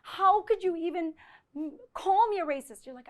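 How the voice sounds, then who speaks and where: A woman's voice: very high-pitched, moderate pace. A woman professor giving a live lecture to an audience and taking their questions. She talks in a conversational way, keeps checking in with "right?" and acts out the exchanges she quotes. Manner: conversational, often checks in with 'right?'. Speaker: visiting professor giving a presentation.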